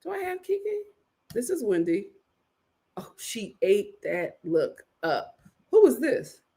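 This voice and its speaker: A woman hosting a casual reality TV recap, acting out what the cast members said. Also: medium pitch. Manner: animated, acts out cast members' lines with big vocal swings.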